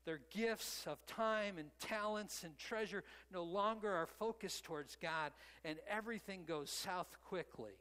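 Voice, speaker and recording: A man's voice: high-pitched, a little slow, hardly any pauses, pushed and bright, clean tone, in a large hall, poor audio. A man preaching a sermon, retelling the story in a conversational way with frequent "you know" asides. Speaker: pastor.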